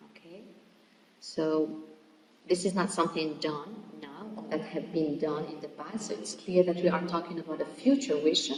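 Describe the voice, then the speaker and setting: Algerian woman teacher, explanatory classroom delivery, mellow tone, recorded far off in a reverberant hall. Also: fairly low pitch. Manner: explanatory, repeats "okay?" to check understanding. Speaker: English teacher.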